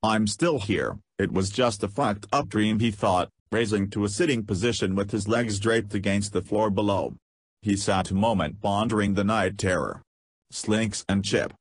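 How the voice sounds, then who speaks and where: A man's voice: lowish voice, breathy edge, no echo. A man narrating an audiobook, reading in a scripted way and voicing punctuation marks aloud.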